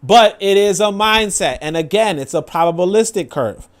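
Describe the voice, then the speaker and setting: Rambling man with a high voice. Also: expressive, moderate pace. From New York. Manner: rambling, filler-heavy, acts out quoted voices. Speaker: commentator. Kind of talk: casual commentary on a clip.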